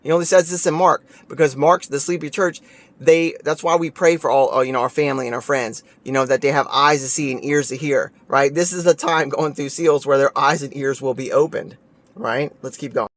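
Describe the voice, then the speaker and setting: A man's voice: medium pitch, steady tone, brisk. A man giving a casual Bible study talk who reads scripture aloud and keeps checking in with "right?". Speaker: Bible teacher.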